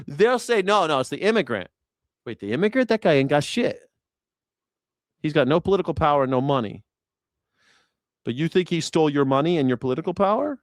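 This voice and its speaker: Recorded cleanly in a studio with no room sound, this slightly high male voice belongs to a news reaction show host. He rants about politics with crude, sarcastic mockery and plenty of cursing.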